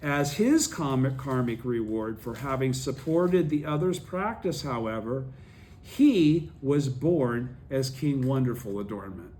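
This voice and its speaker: A man's voice: mid-range voice, animated, unhurried, darkish tone, a little hiss or hum. A man leading a study group, reading a text aloud and explaining it, often checking that his listeners follow.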